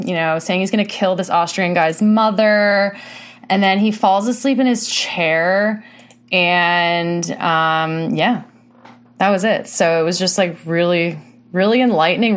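Young woman, host, low-ish voice, sarcastic, mocking, rambling. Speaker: show host. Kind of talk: casual podcast monologue.

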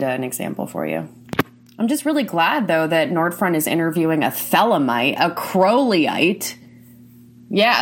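A woman's voice: low-pitched, a little hiss or hum. A woman hosting a commentary show, ranting bluntly and indignantly, swearing often.

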